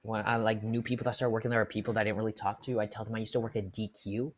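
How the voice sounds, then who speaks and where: Casting: young woman, very low voice, laid-back storytime vlogger, swears freely and laughs easily. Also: flat delivery, rapid-fire, a little mellow, a little hiss or hum. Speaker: vlogger telling work stories. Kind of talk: casual storytime.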